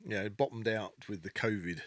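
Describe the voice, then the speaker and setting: A man's voice: lowish voice, steady tone, fast, no echo. A man co-hosting a casual podcast chat, rambling with many restarts and easy laughs. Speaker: podcast co-host.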